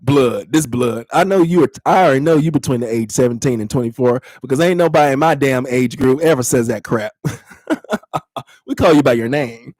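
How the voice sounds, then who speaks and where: A man's voice: medium pitch, fairly quick, darkish tone, dry recording. A man in his thirties hosting a casual podcast, talking bluntly to his live chat, teasing and laughing often. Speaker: podcast host.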